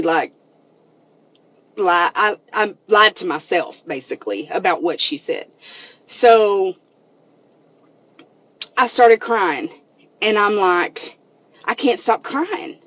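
A woman's voice: lowish voice, dry recording, muffled recording. A woman, sharing a personal church testimony in earnest, emotional casual talk. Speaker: member of a church women's group sharing a testimony.

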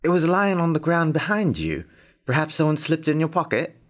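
A man's voice: on the high side, very animated, brisk. An actor playing a polite, mysterious male stranger in an audio drama, speaking in a put-on English accent with courtesy. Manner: courteous, genteel.

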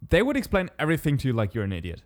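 A man's voice: medium pitch, racing. German man telling stories in casual chat. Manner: animated storyteller, swears, acts out quotes.

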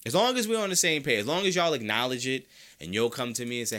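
A man's voice: mid-range voice, animated, fast talker, a bit bright. A sick, congested man hosting a sports podcast, arguing his opinions emphatically and repeating his points for effect. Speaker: podcast host.

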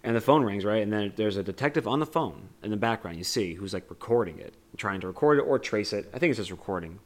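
A man's voice: fairly low pitch, lively intonation, fast talker. A man co-hosting a podcast, casually retelling a film scene with lots of "like" and "you know". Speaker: podcast co-host. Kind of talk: casual movie discussion.

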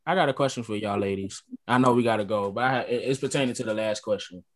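Chill guy, lowish voice, casual chat, asks what-if questions. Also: fast talker. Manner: laid-back, asks hypothetical questions.

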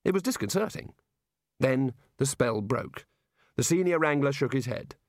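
Man reading a story with lively pitch. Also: normal speed, no echo, clean studio sound. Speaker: audiobook narrator. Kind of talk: scripted narration.

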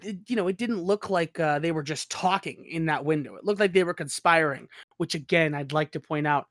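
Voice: mid-range voice, brisk, a bit bright, dry recording, studio quality. A host giggling through a casual TV episode recap on a podcast. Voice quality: chatty, laughs often, puts on voices when quoting characters.

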